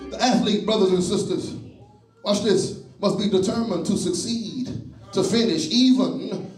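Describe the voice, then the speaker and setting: High-pitched preacher in an echoey church. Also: male voice, a little slow, far from the mic, faint music behind. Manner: call-and-response preaching, repeats phrases, rises to shouts. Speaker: pastor. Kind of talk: sermon. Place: church sanctuary.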